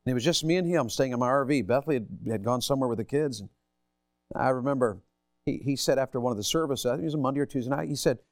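A man preaching in a folksy, storytelling way, asking the congregation one rhetorical question after another. His voice sits at an ordinary pitch for a man. The sound is close and dry. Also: racing, dry recording. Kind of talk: sermon.

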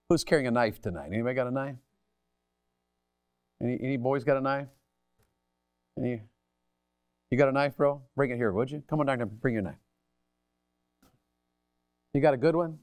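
A man's voice: mid-range voice, no echo, studio quality. A middle-aged man preaching a sermon, calling on the audience with a folksy, teasing manner. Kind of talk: interactive sermon. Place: church hall.

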